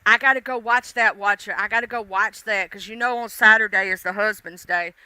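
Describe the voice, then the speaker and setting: Bright, chatty woman livestreaming. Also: mid-range voice, fairly even intonation, fairly quick, smooth, no echo. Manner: chatty, playful, full of fillers and laughs. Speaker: livestream host. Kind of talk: casual chat with viewers.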